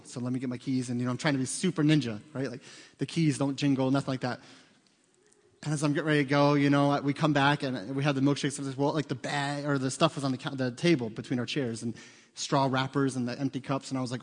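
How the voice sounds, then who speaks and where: A man in his forties, a pastor preaching a sermon in a church, telling stories conversationally and getting loud and excited to make a point. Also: mid-range voice, quick pace. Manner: conversational storytelling, rising loud and excited for emphasis. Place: church sanctuary. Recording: long hall reverb.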